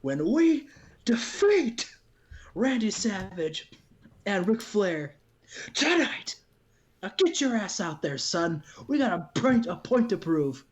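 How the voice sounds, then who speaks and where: A man's voice: sits high, very animated, slow, pitched above the performer's own voice, heavily acted. A man voicing a stubborn older father who wrestles, taunting and challenging his son. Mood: fired up. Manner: shouting, needling challenges.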